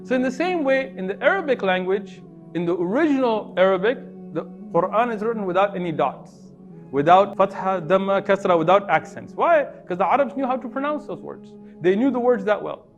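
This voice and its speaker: A man explaining religious history to an audience, often pausing to ask them questions. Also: high-pitched, lo-fi sound, faint music behind. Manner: asks the audience questions, lively emphasis. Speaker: Muslim speaker teaching non-Muslims.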